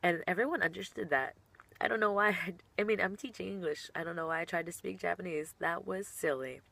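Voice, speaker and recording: A young woman with a voice pitched a little low chats casually as she answers questions from fans. She is bubbly and giggly, and her sentences often trail off or restart. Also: a little fast, vocal fry, a bit bright, no echo. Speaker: professional wrestler.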